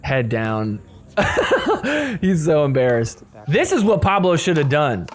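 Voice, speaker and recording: A man's voice: on the high side, wildly swooping pitch. A man hosting a podcast, recapping sports clips in a casual, joking way and laughing often. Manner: laughs often, acts out players' thoughts in quick asides. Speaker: podcast host.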